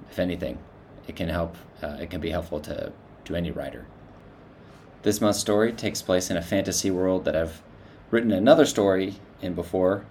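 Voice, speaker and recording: A man's voice: sits low, a little hiss or hum. A man, the author, plugging a tool casually and then reading his own fantasy story aloud, joking and giving the characters slight voice changes. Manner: relaxed, joking, reads characters with small voice shifts. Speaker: author and narrator.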